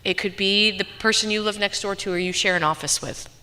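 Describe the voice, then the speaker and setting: Bright-voiced earnest woman pastor. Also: mid-range voice, fairly quick, clean tone. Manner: earnest, conversational, many asides. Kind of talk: informal sermon. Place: church sanctuary.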